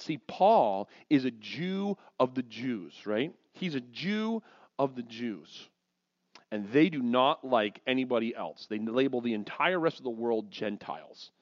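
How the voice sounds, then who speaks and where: A man preaching a sermon, telling stories in a lively, joking way and acting out quotes. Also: medium pitch, unhurried, dry recording. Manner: lively, jokey storytelling with acted quotes. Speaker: pastor. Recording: dull lo-fi dry sound.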